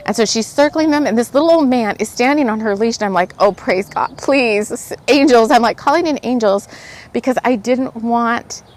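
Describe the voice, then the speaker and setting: A woman hosting a spiritual podcast, telling stories in a rambling, animated way with lots of fillers and laughs. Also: medium pitch, a little hiss or hum. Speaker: podcast host. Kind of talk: casual spiritual podcast chat.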